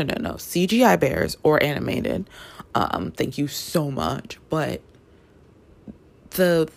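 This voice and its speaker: Low, gravelly-voiced chatty woman. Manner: chatty and rambling, full of fillers and asides; animated, playful enthusiasm. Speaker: book vlogger. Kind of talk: casual chat.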